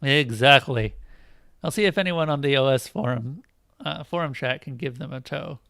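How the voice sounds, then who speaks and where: A young man with a fairly high voice reads game text aloud in a flat, clipped tone, then breaks off to joke. The sound is dry and close on a desk mic, with no room around it. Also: a little fast, creaky, no echo. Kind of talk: casual let's play with read-aloud game text.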